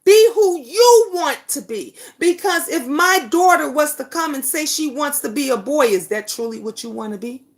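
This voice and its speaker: Middle-aged woman host, high pitched, blunt, animated talker. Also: moderate pace, few pauses. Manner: blunt, animated storytelling with profanity; reads viewer comments aloud. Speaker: talk show host. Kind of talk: casual livestream chat.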